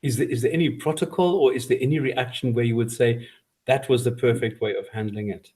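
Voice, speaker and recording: A man hosting an interview, asking questions in a measured, slightly hesitant way. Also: medium pitch, dark tone. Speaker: host. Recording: voice distant from the mic.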